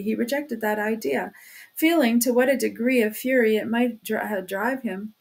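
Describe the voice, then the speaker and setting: A woman reads a classic novel aloud as an audiobook narrator. Her storytelling is steady and measured, and her voice sits a little on the high side. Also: gravelly. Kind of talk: audiobook reading.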